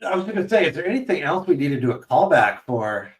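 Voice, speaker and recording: Chatty podcast co-host, slightly off-mic. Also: male voice, a little high, big pitch swings, fast talker, recorded from a distance. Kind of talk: casual chat.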